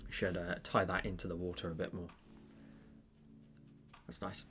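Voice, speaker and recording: A man chatting casually on a livestream while he paints, rambling and thinking out loud with many fillers. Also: deep voice, level tone, normal speed, faint music behind.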